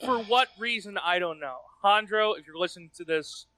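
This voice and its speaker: A man's voice: high voice, normal speed, bright, forceful tone, no echo. A young man who is a podcast regular, speaking emphatically and dramatically, with swearing, over a call. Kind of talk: casual chat.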